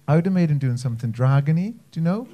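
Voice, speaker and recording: Cheeky North Welsh stand-up comedian. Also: male voice, on the high side, animated, racing, mellow. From Wales. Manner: cheeky, self-mocking banter with the audience. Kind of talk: stand-up set with crowd work. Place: comedy club stage.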